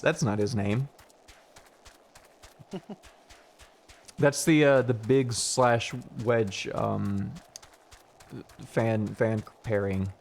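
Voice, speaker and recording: A man's voice: lowish voice, fairly even intonation, extremely slow, gravelly, pauses often, faint music behind. A young man streaming a game, chatting casually with rambling, swearing asides. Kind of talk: casual gaming stream chat.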